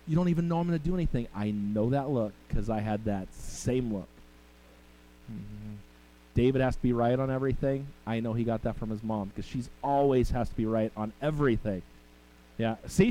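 A man's voice: high-pitched, a little mellow, low-quality recording. A middle-aged male pastor preaching a sermon, telling family stories and talking with the congregation. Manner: storytelling, conversational with the congregation.

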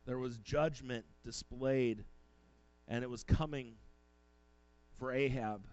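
A man's voice: mid-range voice, slow, darkish tone, clear, resonant tone, no room sound, lo-fi sound. A male pastor preaching a sermon, reading old-fashioned scripture aloud and then exhorting his congregation.

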